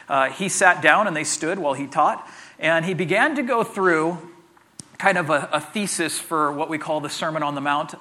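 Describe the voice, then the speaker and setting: A man's voice: on the high side, pushed and bright. A man preaching a conversational sermon as pastor, chatty, often repeating words and adding jokey asides.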